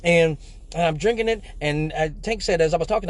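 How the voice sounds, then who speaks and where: A man's voice: a little high, a little fast. A man from Michigan hosting a live stream, telling a story casually with lots of profanity and slang. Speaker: live show host.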